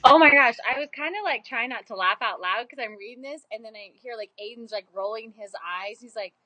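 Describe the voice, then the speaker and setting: A woman's voice: a little high, fairly quick, bright, forceful tone, no room sound, low-quality recording. A young woman talking animatedly about a book, giggling and acting out quoted characters. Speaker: book vlogger. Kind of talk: casual book discussion.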